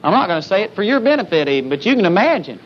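A man's voice: high-pitched, very animated, very fast. A man preaching a sermon with emphasis, often calling out "amen?" to the congregation. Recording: dull lo-fi sermon recording with faint hiss.

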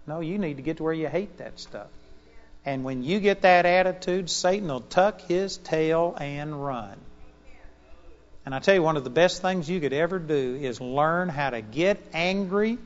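A man with a high voice preaches a sermon, telling a story with lively rises and drops in pitch and loudness. The recording sounds dull and lo-fi, with a long reverb from a large hall. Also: moderate pace.

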